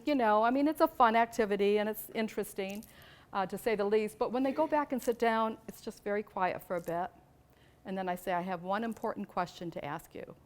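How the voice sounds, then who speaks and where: A woman giving an animated storytelling talk to an audience about teaching teenagers, asking questions and rising to emphatic peaks. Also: a little high. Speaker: abstinence educator speaking to a church group.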